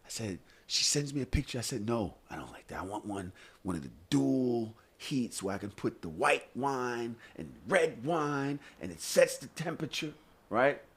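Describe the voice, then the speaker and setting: A man's voice: mid-range voice, moderate pace, breathy edge. A man co-hosting a podcast, ranting in casual chat with swearing and exasperated questions. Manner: animated, exasperated, swears and rants. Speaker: podcast co-host.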